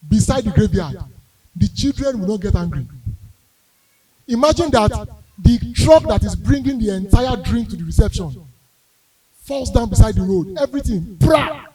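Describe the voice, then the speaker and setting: A young Nigerian comedian with a Yoruba-flavored accent spins his stories in a high, bright voice. He acts out the characters, swinging from quiet asides to shouted wails. He sounds a little distant from the microphone. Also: breathy edge. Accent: Nigerian English with Yoruba. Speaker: stand-up comedian. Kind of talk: storytelling stand-up comedy.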